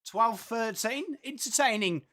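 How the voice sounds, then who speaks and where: A man with an English accent hosts a live football watchalong, calling the play in loose, chatty commentary. His voice sits high and sounds bright. He swears now and then and answers his viewers' comments. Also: measured pace. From England.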